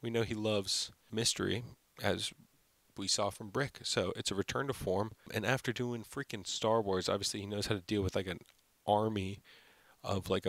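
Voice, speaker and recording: A man's voice: lowish voice, fairly bright tone, no echo. A young man hosting his own film channel, giving an unscripted, rambling review full of "like" and fillers. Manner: rambling, heavy use of "like" and fillers.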